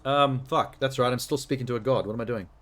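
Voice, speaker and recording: An Australian man in casual commentary while streaming a game. His voice sits at a middle pitch, and his delivery is chatty and quick to laugh. He swears freely. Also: fairly bright tone.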